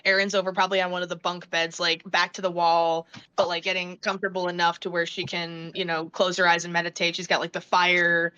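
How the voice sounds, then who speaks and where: A woman's voice: on the low side, little pitch movement, brisk, sharp tone, smooth. A woman talking casually as a player in a tabletop game, chatty and full of fillers. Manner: chatty, lots of "like" fillers, laughs often. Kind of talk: tabletop role-play chat. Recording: slightly dull, lo-fi sound.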